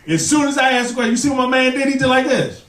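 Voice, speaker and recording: This comic's voice is very high and he talks very fast, doing stand-up in a roomy club and putting on voices for those he ridicules while speaking to the crowd. The distant mic makes the recording very noisy, full of loud audience laughter and applause.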